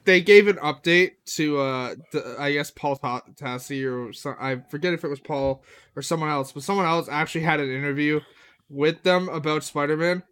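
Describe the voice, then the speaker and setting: A man's voice: a little high, moderate pace, fairly bright tone, clean tone. A man co-hosting a casual podcast, talking chattily with lots of fillers and frequent laughter. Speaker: podcast co-host. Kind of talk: casual chat.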